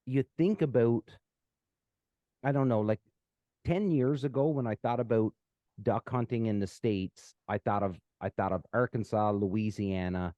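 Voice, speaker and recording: A man's voice: on the low side, unhurried, dark tone, no echo, dull audio. A man hosting a podcast, chatting casually with many fillers and restarts, from Canada. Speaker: podcast host. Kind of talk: casual chat.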